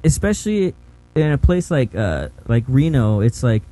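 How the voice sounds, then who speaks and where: A man's voice: medium pitch, very animated, normal speed, dark tone, rough recording. A young man from Mexico City, a guest telling his story in a loose, casual way, with lots of fillers and restarts. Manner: rambling, many fillers and restarts. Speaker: guest, pro skater. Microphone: video call.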